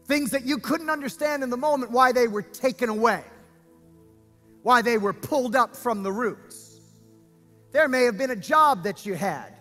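A male pastor preaching a sermon, reading scripture aloud with drawn-out, half-sung emphasis and stirring the congregation. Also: extremely high pitch, bright, forceful tone, long reverb tail.

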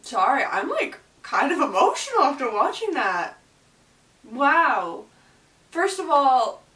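A young woman reacting to a music video as a gushing, excitable fan in a casual vlog. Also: medium pitch, reverberant, far from the mic, low-quality recording.

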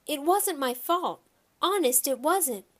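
A woman voicing a bossy, whiny young schoolgirl in a storybook, with a shrill, pleading manner. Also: sing-song, normal speed.

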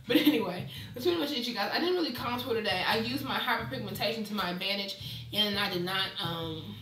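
A young American woman with an African American accent, chatting casually at home in a beauty vlog and turning sassy and animated when she rants. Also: a little high, fast, recorded from a distance, a little hiss or hum. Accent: African American English. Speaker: beauty vlogger. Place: at home indoors. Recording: echoey room, voice off-mic.

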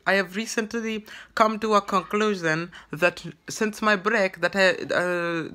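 A bright, sharp-toned vlogger speaks in a put-on broken English. The delivery stumbles and restarts again and again, rambling through a comic monologue close to the camera mic. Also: medium pitch. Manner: halting and rambling, full of stammered restarts. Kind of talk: comedic vlog monologue in character.

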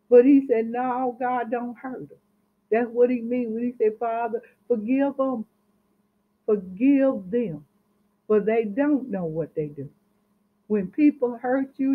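A woman minister preaching a sermon with fervent, emphatic delivery that rises and drops softly. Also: fairly high pitch. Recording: tinny phone-line sound.

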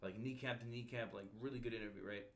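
A man's voice: on the low side, fairly even intonation, fast. A man hosting a podcast and telling a recruiting story in a casual, slangy way, calling people bro and dude. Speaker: podcast host, Marine recruiter.

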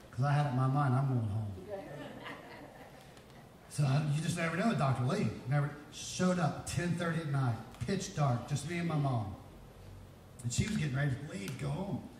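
Speaking with a fairly high, slightly mellow voice, a fifty-something pastor works folksy stories into his sermon and climbs to emphatic peaks. The church hall echoes, the mic is distant, and faint noise lingers.

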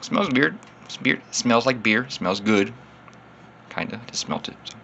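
A man's voice: mid-range voice, lively intonation, a little slow, vocal fry, pushed and bright, dull audio, a little hiss or hum. A man, slightly tipsy, rambling casually through a beer tasting in his vlog and poking fun at himself. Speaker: beer reviewer.

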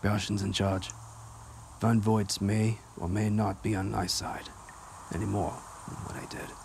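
Tired commander voiced by a man, deep and low, quiet and clipped. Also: flat delivery, a little slow, vocal fry, slight background noise. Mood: resigned. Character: weary, steady male commander, a prisoner.

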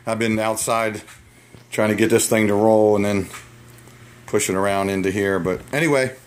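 A man's voice: on the low side, fairly even intonation, normal speed. A man vlogging from a small cluttered basement shop, out of breath and rambling, often correcting himself and apologizing. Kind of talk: casual rambling vlog.

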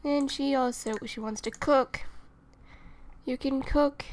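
A woman's voice: high-pitched, fairly even intonation, slow pace, slight background noise. A young woman playing a life-simulation game, chatting to her characters with a stuffy, sniffly nose while recording at her computer. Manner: chatty, talks to her game characters, swings into loud exasperation. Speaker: gaming channel host. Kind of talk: casual let's-play commentary. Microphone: desktop USB microphone.

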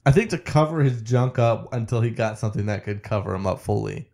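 A man co-hosting a podcast, casually recapping a movie in an animated way and laughing often. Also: on the low side, brisk, creaky. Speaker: podcast co-host.

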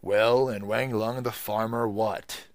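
A man voicing a gruff, grasping male gatekeeper in a storybook reading, roaring and mocking. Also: medium pitch, expressive, normal speed, a bit bright, no room sound.

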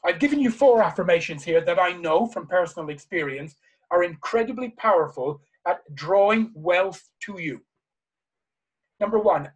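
A man's voice: high voice, expressive, normal speed, slightly rough, poor audio. A man giving a motivational seminar to a live audience, emphatic and repeating key phrases with passion. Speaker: seminar speaker. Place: live talk before an audience.

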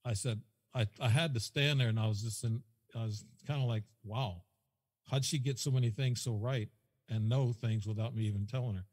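Rambling male guest storyteller, husky, long echo. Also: medium pitch, fairly even intonation, normal speed, a little mellow. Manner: rambling, repeats himself, quotes dialogue. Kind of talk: casual storytelling.

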